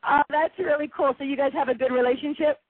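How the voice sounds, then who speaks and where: A woman hosting a boxing radio show, effusive and quick to laugh. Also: sits high, fairly even intonation, no room sound. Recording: tinny phone-like line, dry.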